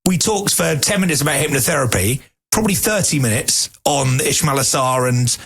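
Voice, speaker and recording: A man's voice: medium pitch, expressive, fairly quick, a bit bright, husky. A man co-hosting a podcast, chatting casually with laid-back, swearing banter. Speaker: podcast co-host.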